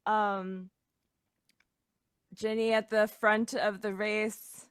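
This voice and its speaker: A woman narrating a tabletop game as game master in a slow, relaxed way. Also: mid-range voice, smooth, no room sound, studio quality.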